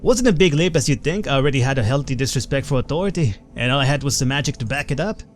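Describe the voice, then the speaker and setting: A man voicing a rowdy, gruff older male punk-rocker mage in a put-on Irish accent while reading game dialogue. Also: medium pitch, lively intonation, fast, soft background music, lightly acted. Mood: swaggering.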